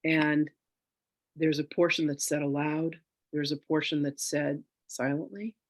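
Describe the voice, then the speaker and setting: A man leading a spiritual reading in a relaxed, chatty way with a bit of self-joking. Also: fairly high pitch, measured pace, no room sound. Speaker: spiritual teacher doing a reading. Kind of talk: casual spiritual session.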